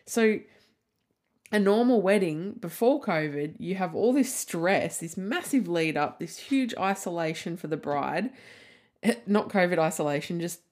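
Chatty woman, lowish voice. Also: expressive, measured pace, darkish tone. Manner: rambling and candid, lots of "like", casual swearing. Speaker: podcast host. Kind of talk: casual solo podcast chat.

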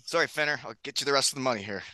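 A man's voice: mid-range voice, quick pace, pushed and bright, no echo. A man hosting a casual hockey podcast, upbeat and joking, often laughing. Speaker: podcast host.

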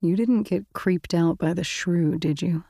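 An earnest, steady teenage boy in a storybook reading, as a woman narrator speaks him. His lines come in a low, gravelly voice with a reassuring manner. The sound is close and dry. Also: measured pace, dry recording.

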